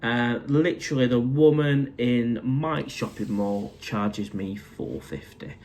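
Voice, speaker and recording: A man's voice: medium pitch, slow pace, a little mellow, a little hiss or hum. A middle-aged man from Manchester with a Mancunian accent, chatting casually on a live stream from his condo and answering viewers' comments in a matey way. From Manchester, England. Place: condo indoors.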